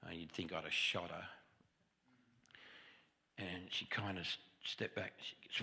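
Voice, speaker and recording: A man's voice: deep voice, steady tone, a little slow, gravelly, long pauses, pushed and bright, in a large hall. A man giving a testimony sermon in a conversational storytelling way, with self-deprecating humor. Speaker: guest preacher. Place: church sanctuary.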